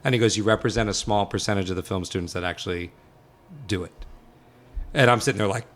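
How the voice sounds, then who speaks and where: Fast-talking man telling an excited story. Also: lowish voice. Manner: excited, acts out dialogue in quotes. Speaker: guest filmmaker. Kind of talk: animated storytelling. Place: film set.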